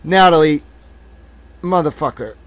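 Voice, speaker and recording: A man's voice: fairly high pitch, measured pace. Heated, profane man ranting on stream. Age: 30s. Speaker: livestream host. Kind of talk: live-stream commentary.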